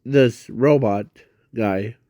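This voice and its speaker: A man improvising a casual fan story, halting and rambling with constant restarts and self-corrections. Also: mid-range voice, dark tone, no echo, lo-fi sound.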